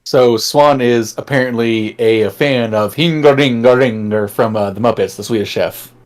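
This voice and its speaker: A man speaks bluntly in a relaxed chat and drops swear words freely. His pitch sits in the middle range. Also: normal speed. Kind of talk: casual chat.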